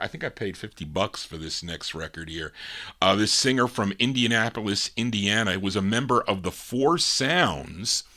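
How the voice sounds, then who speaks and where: Animated male vinyl show host. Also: fairly low pitch. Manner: animated, acts out quoted dialogue. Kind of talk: casual storytelling between records.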